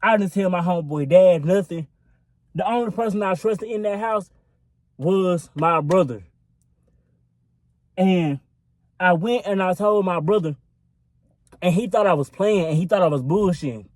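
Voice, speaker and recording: A young man speaks into his phone for a casual storytime vlog, his high-pitched, slightly mellow voice unhurried and full of pauses. The telling is rambling, profane, and filler-laden, captured in a dry recording.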